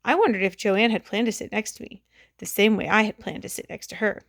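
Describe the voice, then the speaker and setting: Gravelly woman narrating a storybook. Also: medium pitch, brisk, dry recording, clean studio sound. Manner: lively first-person telling. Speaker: audiobook reader.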